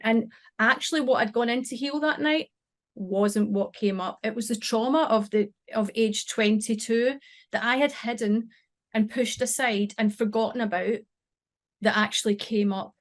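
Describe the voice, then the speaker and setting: A middle-aged woman, a podcast guest, recounting a personal experience in an emotional, halting way with many restarts. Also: a little high. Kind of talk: personal storytelling.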